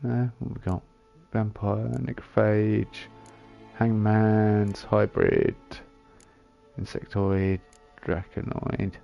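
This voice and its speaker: A man's voice: lowish voice, little pitch movement, takes it slowly, gravelly, lo-fi sound, faint music behind. A man giving casual commentary on a game he plays, muttering and reading item descriptions aloud as he thinks it through. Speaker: gaming channel host.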